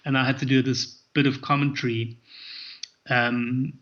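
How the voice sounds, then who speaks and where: Bright-voiced comedian. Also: male voice, medium pitch, flat delivery, normal speed, highs cut off. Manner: rambling, self-correcting storytelling. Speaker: comedian guest. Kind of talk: casual interview chat.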